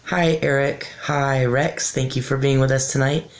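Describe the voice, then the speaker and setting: A woman's voice: a bass voice, fairly even intonation, unhurried. A woman from North Carolina asks a recorded question as a viewer, polite and a little hesitant.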